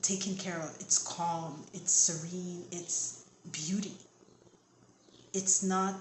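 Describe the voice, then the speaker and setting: Brief: calm tarot reader, woman, soothing and repetitive, echoey room with faint noise. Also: fairly low pitch, takes it slowly. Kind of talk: channeled tarot reading.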